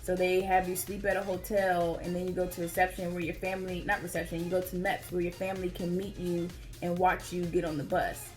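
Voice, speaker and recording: A woman vlogger casually telling her own story to viewers in a chatty, expressive way, calling them y'all. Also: fairly low pitch, brisk, hardly any pauses, soft background music.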